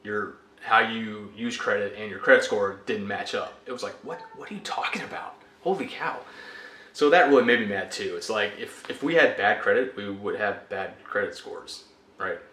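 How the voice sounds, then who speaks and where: Exasperated young man ranting, bright voice. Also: fairly low pitch, normal speed, slight background noise. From United States. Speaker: vlogger. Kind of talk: frustrated personal rant. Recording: echoey room.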